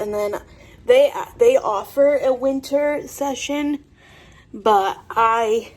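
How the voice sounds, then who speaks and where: A woman's voice: a little high, low-quality recording. A woman vlogging outdoors in a rambling, chatty way, full of fillers and restarts, filming herself with a handheld camera. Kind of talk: casual vlog chat. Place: outdoors on a windy, sunny day.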